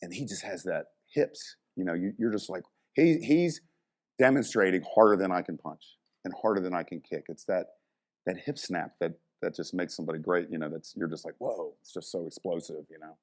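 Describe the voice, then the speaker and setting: A middle-aged man, a strength coach and motivational speaker, telling stories in a casual, animated way, swearing freely and saying "you know" a lot. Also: deep voice, brisk. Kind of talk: casual storytelling talk.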